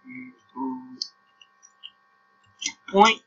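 A man's voice: medium pitch, expressive, extremely slow, bright, forceful tone, highs cut off. A young man with a Norwegian accent, casually commenting on a game and puzzling aloud as he plays. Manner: puzzled, thinking aloud, repeats himself. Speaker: gameplay commentator.

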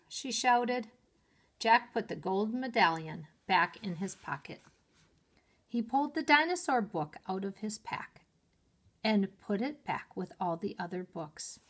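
A woman teacher reading a children's chapter book aloud in an expressive storytelling manner. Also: mid-range voice.

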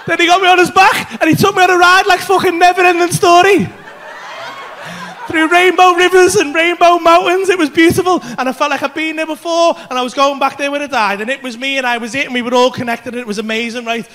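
High-voiced, fast comedian. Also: male voice. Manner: loud, animated, swearing storytelling. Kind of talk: stand-up comedy. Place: comedy club stage.

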